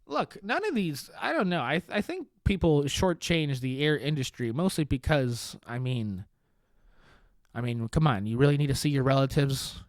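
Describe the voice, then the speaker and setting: A man hosting a podcast in a sarcastic comedic monologue, swearing and laughing at his own deadpan jokes. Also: mid-range voice, moderate pace, dry recording, clean studio sound. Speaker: podcast host.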